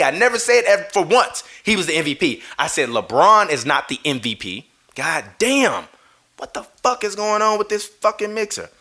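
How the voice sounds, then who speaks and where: A man's voice: sits high, bright, forceful tone. A man hosting a live basketball stream, ranting heatedly with swearing and arguing with viewers, apologizing over audio trouble with his mixer. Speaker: basketball podcast host. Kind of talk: live-stream sports rant. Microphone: streaming through a mixer.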